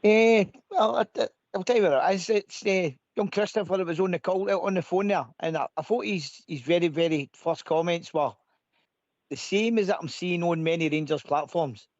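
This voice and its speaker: High-voiced stammering Scottish man. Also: moderate pace, no echo. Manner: animated, stammers and restarts as he talks. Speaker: co-host of a fan phone-in show. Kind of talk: casual opinionated chat. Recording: dull lo-fi dry sound.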